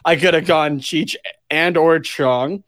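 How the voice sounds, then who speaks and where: Rambling, slightly high-voiced man. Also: steady tone, takes it slowly, a bit bright, slight background noise. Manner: rambling, swears freely, laughs at himself. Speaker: podcast co-host. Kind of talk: casual chat.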